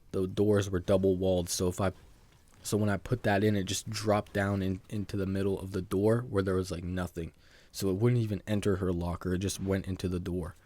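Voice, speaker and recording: A man's voice: low voice, warm tone, no room sound. A young man telling an embarrassing story from his school days in a rambling, self-mocking casual monologue, full of "like" and "bro".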